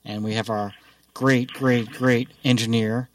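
A man's voice: mid-range voice, level tone, a little slow, no echo. A man from Alabama with an Alabama accent, hosting a radio talk show in a jokey, playful way. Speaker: radio host.

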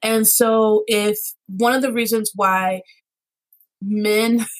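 A woman co-hosting a casual podcast chat, musing in a relaxed way with frequent fillers. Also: on the high side, takes it slowly, poor audio.

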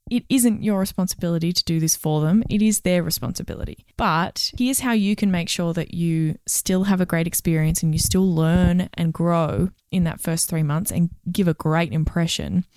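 A woman's voice: on the low side, darkish tone, no echo, studio quality. Straight-talking woman coach. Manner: direct, advising, explains points in steps. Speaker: career coach and podcast host. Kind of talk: casual chat.

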